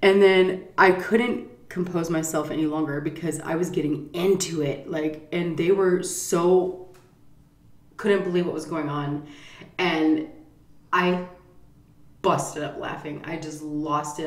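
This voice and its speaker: A middle-aged woman vlogger telling a story in a casual, animated way, swearing and acting out the quotes loudly. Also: low voice, slow pace. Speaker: mukbang vlogger. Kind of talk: storytime chat. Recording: echoey room.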